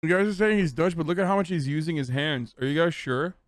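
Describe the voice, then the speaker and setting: A man hosting a stream, reacting to a video in casual, excitable, profane commentary. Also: fairly high pitch, fast talker, no room sound, clean studio sound. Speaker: streamer host.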